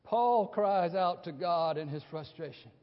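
A man preaching a sermon with passion, dropping to a hush and then rising to shouts, often repeating and restarting his phrases. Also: high-pitched, lively intonation, measured pace. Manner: impassioned, swings from hushed to shouting. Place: church sanctuary. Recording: dull sound with a long hall reverb.

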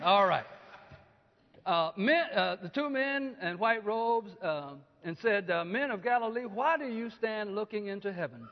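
Preacher guy, really high voice, keeps asking the crowd questions, muffled recording in a big echoey hall. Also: expressive, measured pace. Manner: call-and-response preaching, asks the congregation questions; rises to loud emphatic peaks. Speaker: pastor. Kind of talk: sermon. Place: church. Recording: dull lo-fi church hall recording.

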